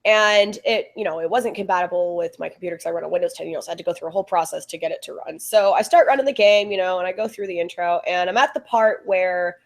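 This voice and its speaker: A woman's voice: lowish voice, fast talker, hardly any pauses. A woman from the American South with a Southern accent, chatting and telling a rambling game story with lots of giggles on a casual livestream call. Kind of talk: casual chat.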